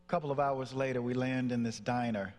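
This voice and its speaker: A man's voice: mid-range voice, fairly even intonation, fairly quick, a little mellow. A man from Nashville, Tennessee, telling a personal story on stage as a motivational speaker, acting out the voices in it. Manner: dramatic storyteller, acts out voices. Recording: long hall reverb.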